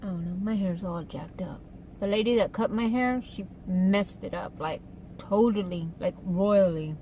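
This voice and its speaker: A woman talks in a loose, rambling way, full of fillers, as she chats to viewers from inside her car. Her pitch sits mid-range. Behind her is a faint hum of car and street noise. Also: measured pace, warm tone, poor audio. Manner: chatty, rambling, with fillers and asides. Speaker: vlogger. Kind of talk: casual eating-show chat.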